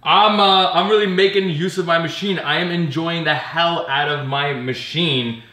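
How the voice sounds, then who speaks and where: Bright-voiced sarcastic man ranting on a vlog. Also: a little high, moderate pace. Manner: sarcastic, profane, laughing. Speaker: pinball vlogger. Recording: roomy echo.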